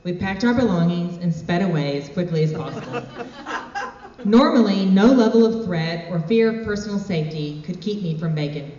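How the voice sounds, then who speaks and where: A woman's voice: on the low side, normal speed. Wry woman storyteller in an echoey hall. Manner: deadpan, wry asides. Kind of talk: live comic storytelling. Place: stage in a hall. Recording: echoey hall, far from mic, dull.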